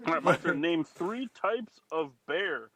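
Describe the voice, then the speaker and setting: A man's voice: fairly high pitch, expressive, unhurried, a loud crowd. A man hosting a casual quiz game on a live radio stream, teasing and joking with his co-hosts. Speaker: podcast host running a quiz game.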